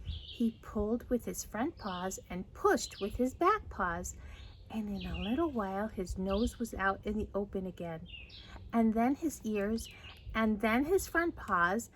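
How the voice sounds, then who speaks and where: A woman reading a children's story aloud in a gentle, expressive way. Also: medium pitch, measured pace, a little hiss or hum. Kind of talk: children's read-aloud narration.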